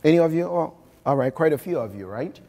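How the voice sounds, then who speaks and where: Fast and full of lively intonation, a Haitian man with a fairly high yet dark-toned voice drives through a live motivational keynote. He's emphatic, repeating phrases and calling out to the crowd in a large conference hall, where the room's long reverb trails behind him.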